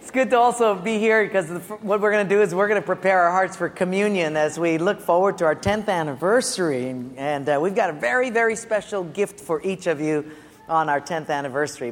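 Man, pastor, sermon, high voice, animated storytelling, long hall reverb. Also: fairly quick, a little hiss or hum. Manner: animated storytelling with acted-out quotes and laughter.

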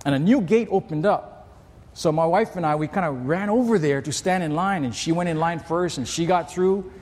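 A man's voice: a little high, moderate pace, darkish tone. A man preaching a sermon as a story, talking conversationally with rhetorical questions and repeated words. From Hawaii. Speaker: pastor. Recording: long reverb of a large hall.

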